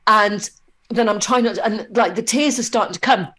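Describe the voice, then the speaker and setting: A woman talks as a podcast guest in a mid-range voice. She tells animated anecdotes with plenty of fillers and restarts, keeping the tone loose and conversational. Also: medium pitch, normal speed. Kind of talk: conversational interview storytelling.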